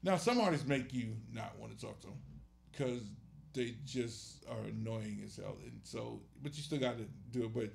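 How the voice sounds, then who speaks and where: Gravelly-voiced man, blunt talk. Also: medium pitch, normal speed. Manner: blunt, storytelling with laughs. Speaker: music manager, podcast guest. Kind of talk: casual podcast chat.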